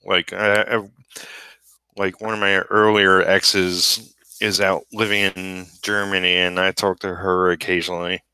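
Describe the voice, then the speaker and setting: A man from Brooklyn inking a comic, chatting and laughing at his own stories. His voice sits lowish, smooth and clear, with a bright edge. The sound is close and dry. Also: level tone, a little slow, no echo. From Brooklyn, New York. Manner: laughs often, self-deprecating. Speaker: comic book inker. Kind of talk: casual chat while inking.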